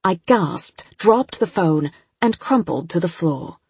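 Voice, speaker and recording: A woman's voice: lowish voice, expressive, slow, darkish tone, breathy edge, dry recording. A woman narrating a first-person audiobook in a tense, urgent manner.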